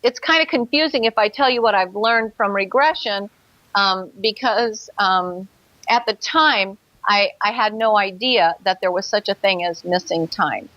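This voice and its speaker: A woman's voice: mid-range voice, measured pace, fairly bright tone, no echo, dull audio. A woman telling her own experience as a guest in an interview, earnest, acting out her past thoughts. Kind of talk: personal account in an interview.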